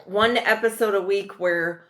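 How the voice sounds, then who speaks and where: Slow-talking, chatty female podcast host. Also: medium pitch, steady tone, fairly bright tone. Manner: unhurried, chatty, laughs often. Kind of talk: casual chat.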